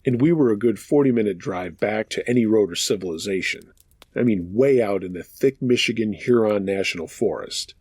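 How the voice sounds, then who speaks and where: A man's voice: fairly low pitch, darkish tone, breathy edge, dry recording. A man hosting a show of true scary stories, reading listener accounts aloud in a casual, profane storytelling manner.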